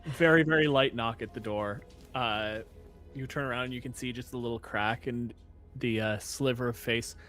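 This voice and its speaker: Over soft background music, a man narrates a tabletop game as game master in a casual, filler-heavy way. His mid-range voice is fairly bright, with fairly even intonation at a normal speed.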